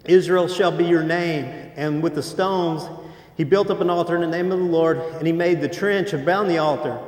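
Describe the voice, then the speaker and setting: Man, pastor, casual sermon, joking and informal, fairly high voice, long hall reverb. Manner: informal and joking, with lots of filler words. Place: church auditorium under stage lights.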